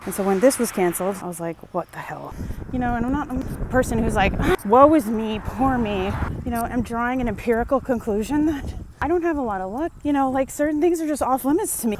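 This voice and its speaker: A woman's voice: fairly high pitch, background noise. A woman vlogging in a casual chat, talking in a chatty, exasperated and self-mocking way.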